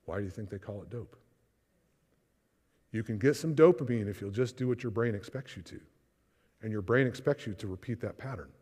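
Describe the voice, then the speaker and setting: A man's voice: lowish voice, brisk, long pauses, darkish tone, husky. A man giving a conversational church seminar talk on trauma, acting out inner voices in quotes. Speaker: speaker on trauma. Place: church hall. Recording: reverberant church hall.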